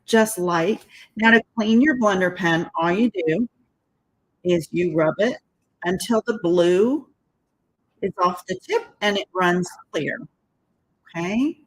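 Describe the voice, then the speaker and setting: A woman's voice: mid-range voice, poor audio. A woman giving a casual crafting tutorial, chatting as she works and laughing at her own slips. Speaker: card-making demonstrator.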